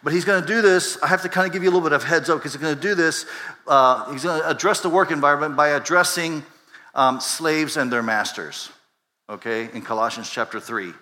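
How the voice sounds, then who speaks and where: A man's voice: fairly high pitch, fairly quick, pushed and bright, long reverb tail. A male pastor preaching a sermon in a conversational way, asking rhetorical questions and often restarting his sentences. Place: church sanctuary.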